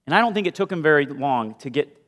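A male pastor preaching a sermon with animated storytelling, moving from loud bursts to hushed asides. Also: fairly high pitch, fast talker. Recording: long hall reverb.

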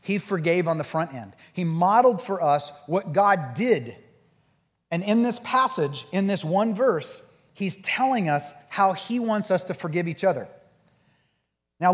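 A man preaching a sermon and leading a group discussion, acting out quoted voices in an animated way. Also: a little high, long reverb tail. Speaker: pastor.

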